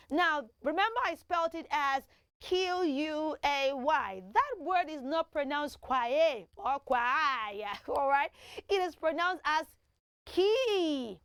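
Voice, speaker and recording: High-voiced woman teaching kids. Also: no room sound. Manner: animated, coaxing teacher who leads call-and-response drills. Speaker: children's TV presenter. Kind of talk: pronunciation lesson for children.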